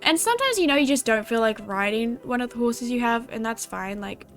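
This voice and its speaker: Bubbly aussie teen girl chatting to her viewers, high voice, giggles a lot, faint music behind. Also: lively intonation, brisk. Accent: Australian. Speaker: gaming YouTuber. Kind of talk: casual vlog chat.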